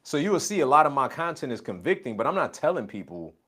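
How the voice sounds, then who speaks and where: A man's voice: mid-range voice, sing-song, fast, a bit bright. A man coaching a colleague in a casual conversation, emphatic and repeating his catchphrases. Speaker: business coach.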